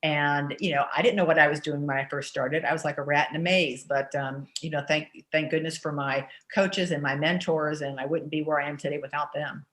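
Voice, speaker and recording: A woman's voice: deep voice, fairly quick, hardly any pauses. Chatty woman in her sixties. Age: 60s. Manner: chatty, energetic, many "you know" fillers. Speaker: interview guest. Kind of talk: casual storytelling in an interview.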